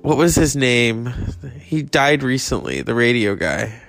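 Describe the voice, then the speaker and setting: A man's voice: medium pitch, lively intonation, a little slow, a bit bright, faint music behind. A man hosting a solo podcast, rambling and meandering with lots of fillers. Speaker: podcast host.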